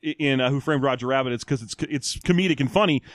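A man co-hosting a podcast in casual chat, animated and mock-ranting with plenty of swearing. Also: medium pitch, fast talker, dry recording. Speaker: podcast co-host.

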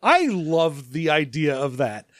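Male podcast co-host, high voice, dry close mic, animated banter. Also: takes it slowly, no room sound. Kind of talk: casual comedic book recap.

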